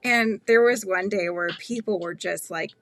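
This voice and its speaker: A young adult woman hosting a casual painting livestream, chatty and laughing often, murmuring quietly to herself as she paints. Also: mid-range voice, moderate pace. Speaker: art livestream host.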